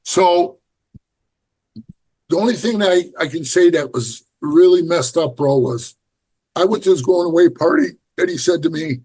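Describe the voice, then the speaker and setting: With a slightly high, darkish voice that has a breathy edge, a middle-aged former biker club member talks at normal speed as a podcast guest. He tells blunt, profane stories casually, acting out what others said.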